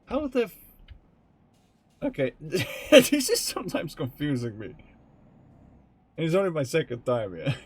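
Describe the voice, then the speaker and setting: Giggly man with a lively voice. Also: fairly high pitch, measured pace, long pauses, breathy edge. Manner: giggly, keeps breaking into laughter. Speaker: streamer. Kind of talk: casual chat while streaming a game.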